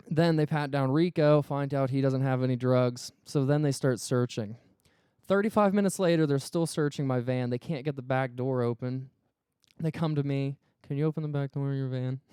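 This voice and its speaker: A man's voice: medium pitch, mellow, clear, resonant tone, dry recording, clean studio sound. A man co-hosting a podcast, telling a story in a casual, profane way and acting out the quoted dialogue. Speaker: podcast co-host.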